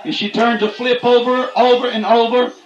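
High-voiced folksy preacher man in an echoey room. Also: level tone, moderate pace, lo-fi sound. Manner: folksy, repeats "that's right", rises to shouts. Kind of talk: fiery folksy sermon.

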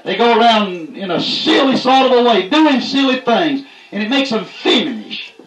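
A man preaching a fiery, folksy sermon, punctuating his points with "that's right" and rising to shouts. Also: very high voice, sing-song, normal speed, echoey room, poor audio.

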